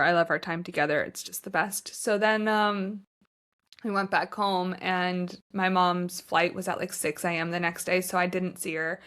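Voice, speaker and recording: A woman's voice: on the low side, a bit bright. A young American woman hosting her own podcast, talking in a heartfelt, gushing, chatty way with lots of "like" fillers. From United States. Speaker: podcast host. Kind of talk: casual chat.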